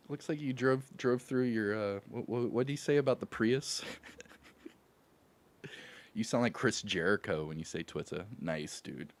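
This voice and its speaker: He's from Louisville, Kentucky, with a mid-range voice, talking slowly and pausing often. On his gaming livestream he chats casually with viewers, laughing often and greeting chat in an upbeat, slangy style.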